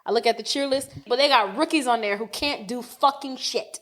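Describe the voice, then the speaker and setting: A woman, telling a story on a podcast in a casual, animated, profane rant. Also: fairly high pitch, fairly quick. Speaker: podcast co-host.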